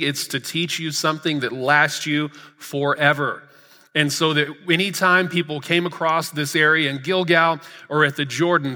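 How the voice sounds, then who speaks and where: A man's voice: on the high side, sharp tone. A man in his thirties preaching a sermon in a church sanctuary, telling a story earnestly and building to emphatic repeated lines. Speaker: pastor. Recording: reverberant hall.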